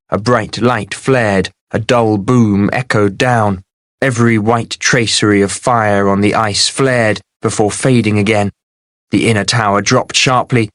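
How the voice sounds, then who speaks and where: A man with a fairly low voice reads a fantasy novel aloud in a steady, measured way. The sound is dry and close, with no room around it. It is a plain audiobook narration. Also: no room sound.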